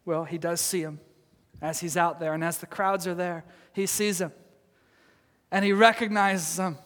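A man with a high voice preaches in an animated, storytelling way, laughing and acting out quotes. His voice rings with the long reverb of a church hall. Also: moderate pace. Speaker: pastor. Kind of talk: sermon.

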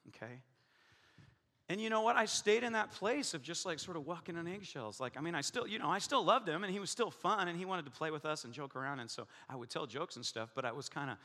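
Animated preacher with a bright voice in a big hall. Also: male voice, a little high. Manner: animated storytelling, acts out quoted voices. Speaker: pastor. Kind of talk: sermon with personal story.

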